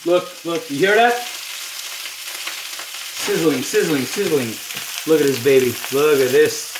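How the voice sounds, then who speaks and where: A chatty man talks to the camera as he cooks, his fairly high voice a little way off the mic. The kitchen sounds roomy and echoey, with a pan sizzling loudly behind him. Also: lively intonation, moderate pace, recorded from a distance, noisy background. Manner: chatty, talks to the viewer with lots of "you know". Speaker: home cook vlogger. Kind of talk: casual cooking video talk. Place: home kitchen. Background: food sizzling in a pan.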